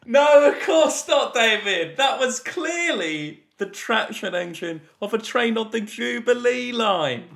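Giggly man, lively and slow-paced. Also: extremely high pitch, vocal fry. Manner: teasing, laughs often while asking. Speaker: podcast co-host and quiz master. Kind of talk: casual comedic quiz banter.

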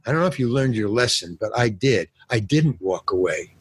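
A man's voice: lowish voice, a little fast, breathy edge. An older man, an actor and stand-up comedian, telling stories in a casual interview and acting out the voices in them. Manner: animated storyteller acting out voices. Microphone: phone or remote call.

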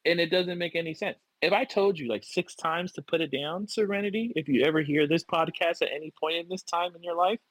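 A man's voice: on the high side, brisk, hardly any pauses, fairly bright tone, no echo, low-quality recording. A young man co-hosting a podcast, telling stories in a rambling casual way and laughing often. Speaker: podcast co-host. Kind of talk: casual chat.

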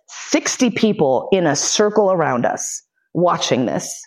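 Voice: mid-range voice, a little mellow. A podcast host telling a personal story in a blunt, profane way, full of fillers and restarts, acting out what other people said. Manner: blunt, profane, with frequent fillers and self-interruptions; vivid re-enactment of other people's speech. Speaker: podcast host giving a lecture.

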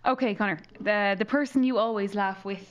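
A woman's voice: medium pitch, steady tone, brisk, highs cut off. An Irish woman hosting a podcast interview, reacting with laughs and prompting her guest to keep talking. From Ireland. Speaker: podcast host. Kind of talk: casual interview chat.

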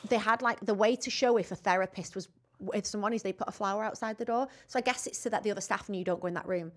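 A chatty woman co-hosting a podcast. She tells her stories in a cheeky, giggly way and keeps it all relaxed and casual. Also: medium pitch, quick pace. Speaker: podcast co-host. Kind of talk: casual chat.

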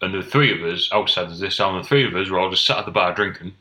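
A man's voice: deep voice, fast, bright, forceful tone, reverberant. A young man from North East England co-hosting a casual podcast chat, telling dry, sweary stories. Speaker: podcast co-host.

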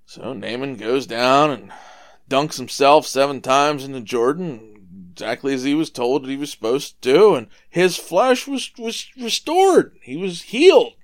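A man's voice: medium pitch, unhurried. A man hosting a show where he casually retells Bible stories, explaining as he goes. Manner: relaxed, explaining with asides. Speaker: storytelling dad, show host.

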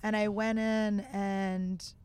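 A woman's voice: mid-range voice, little pitch movement, takes it slowly, darkish tone, clean tone. A woman telling a candid, emotional personal story as a guest in a conversation, open and full of fillers.

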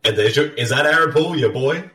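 A man's voice: medium pitch, lively intonation, brisk, sharp tone. A man hosting a casual movie commentary. He is chatty, laughs often and trails off with ums and uhs. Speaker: podcast host. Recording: roomy, distant mic with faint music.

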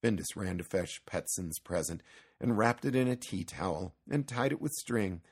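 A man narrating a children's storybook reading in a gentle, unhurried way. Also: low-pitched, animated, husky.

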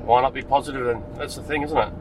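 A man's voice: mid-range voice, steady tone, quick pace, noisy background. An Australian man hosting a podcast while driving a rideshare car, chatting in an upbeat, chummy way with his passengers. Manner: upbeat, chummy, calls riders mate and darling. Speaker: rideshare driver and podcast host. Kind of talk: casual chat.

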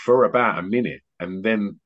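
A middle-aged man hosting a podcast on a video call, a rambling, animated storyteller who often restarts his sentences. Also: fairly low pitch, normal speed. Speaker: podcast host and DJ. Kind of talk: casual chat on an online call. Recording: muffled lo-fi online call audio.

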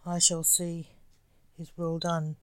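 A woman's voice: fairly low pitch, completely flat delivery, takes it slowly, slight background noise. A woman reading the lines of a worried, solemn male sorcerer in a storybook.

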